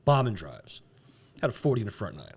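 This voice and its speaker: Animated, fast-talking male podcast host. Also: fairly low pitch, vocal fry, breathy edge. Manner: animated storyteller, acts out shouted quotes, laughs often. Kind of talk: casual storytelling chat.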